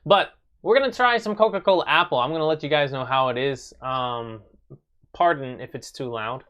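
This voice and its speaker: A man's voice: mid-range voice, normal speed, a bit bright, clean tone. Rambling young man chatting on stream. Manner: rambling, filler-heavy, chatty with viewers. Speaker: live stream host. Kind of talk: casual live stream chat, reading chat. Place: at home in his apartment.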